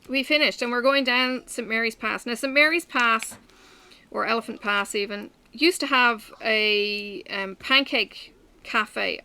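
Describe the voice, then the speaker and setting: A woman chats away while stitching, telling a rambling story. Her voice is bright and clear, full of fillers and asides. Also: fairly high pitch. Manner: chatty storytelling with many fillers. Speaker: vlogger. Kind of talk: casual chat while stitching.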